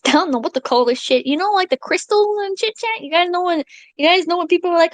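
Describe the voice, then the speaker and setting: A woman streaming live, chatting casually with her viewers in an excitable, rambling and profane way, reading out donations. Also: extremely high pitch, fast talker, no room sound, low-quality recording.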